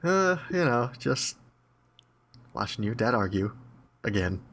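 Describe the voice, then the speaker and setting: A man playing a tabletop game, relaxed and joking as he talks. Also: medium pitch, measured pace. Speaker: player. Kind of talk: casual tabletop play.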